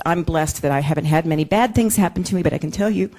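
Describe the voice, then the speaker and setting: A woman with a slightly low voice gives a heartfelt acceptance speech in a council chamber. She sounds close to tears and warmly grateful throughout. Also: fast, hardly any pauses, some chatter behind. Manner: heartfelt and tearful, with light laughter. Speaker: city video host receiving an award.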